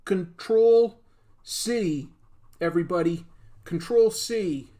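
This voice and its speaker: A man voicing a loud, gloating male supervillain who boasts about paste with shouted catchphrases. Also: high-pitched, slow.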